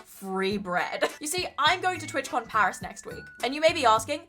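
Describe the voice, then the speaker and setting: A woman's voice: sits high, very animated, normal speed, a bit bright. A woman with an Australian accent narrating her own vlog in a casual, blunt, self-mocking way with plenty of swearing. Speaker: vlogger narrating her trip. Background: faint music.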